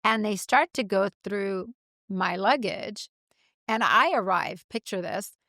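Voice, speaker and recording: Middle-aged woman, gravelly voice, animated storyteller, dry close sound. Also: mid-range voice, slow, no room sound. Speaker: podcast co-host. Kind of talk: casual chat.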